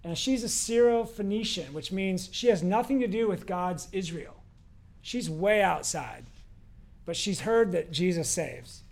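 High-voiced man preaching a conversational sermon. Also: unhurried, creaky. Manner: conversational, animated storytelling with acted quotes. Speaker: pastor.

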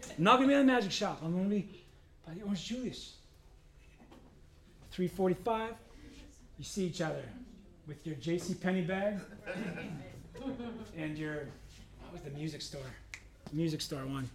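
A man's voice: fairly high pitch, normal speed, long pauses. A male pastor preaching a conversational sermon, asking the congregation questions and acting out quoted voices.

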